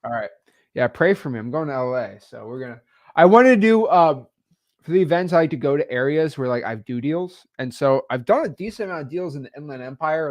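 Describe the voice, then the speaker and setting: A man in his twenties, a coach hosting a live call, relaxed and teasing, with plenty of fillers. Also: medium pitch. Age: 20s. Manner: laid-back, teasing, with many fillers.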